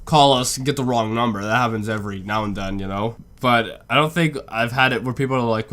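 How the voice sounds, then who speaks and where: A man's voice: medium pitch, fairly quick, few pauses, fairly bright tone. A young man casually thinking aloud as he reacts to a video, rambling and musing.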